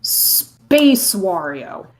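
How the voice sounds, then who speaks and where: A woman co-hosting a podcast, chatting casually in quick, excitable, jokey rambling. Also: mid-range voice. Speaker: podcast co-host.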